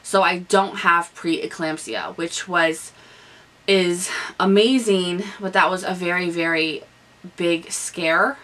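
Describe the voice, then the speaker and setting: A woman's voice: fairly low pitch, fairly even intonation, takes it slowly, a bit bright, far from the mic, rough recording. A young woman vlogging a candid, chatty pregnancy update, with lots of ums and restarts. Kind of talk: casual pregnancy update vlog. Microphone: camera on a stand nearby.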